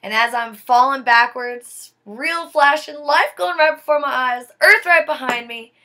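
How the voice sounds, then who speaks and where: A woman's voice: high-pitched, a little slow, bright, forceful tone. A young woman telling a personal story to her viewers in an earnest, emphatic way. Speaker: vlogger.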